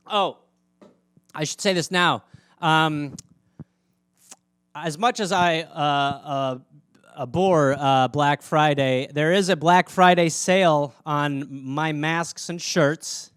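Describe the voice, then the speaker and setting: A man's voice: a little high, slow pace, pauses often, a bit bright, smooth, no room sound, clean studio sound. Rambling, profane American man. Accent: American Midwestern. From Wisconsin, USA. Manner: rambling, profane, self-mocking. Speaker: comedian host answering fan questions. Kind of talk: casual solo chat.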